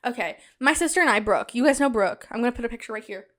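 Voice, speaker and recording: A young woman with a high, bright voice hosts a casual solo podcast. She talks chattily and animatedly straight to her listeners. When something amuses her, she breaks into a loud, cackling laugh. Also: animated, fast. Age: young adult. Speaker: podcast host.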